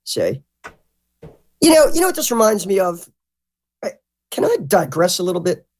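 Blunt, lively-voiced woman guest. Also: on the low side, normal speed. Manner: blunt and profane; animated, mimics others. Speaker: podcast guest. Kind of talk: casual interview talk.

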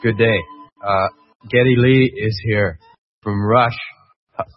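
An actor playing a dim-witted, folksy Canadian comedy host with a Canadian accent, in a dull lo-fi archive clip. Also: male voice, lowish voice, steady tone, takes it slowly. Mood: dopey cheerful. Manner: laid-back, folksy, rambling with "uh" and "eh".

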